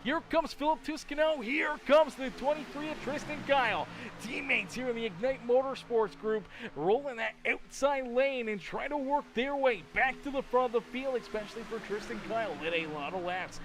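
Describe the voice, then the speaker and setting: A man from Canada calling a live sim race as commentator, excitable with loud bursts and rambling asides, tired and yawning. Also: very high voice, normal speed, few pauses. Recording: noisy stream audio with race-car engine sound.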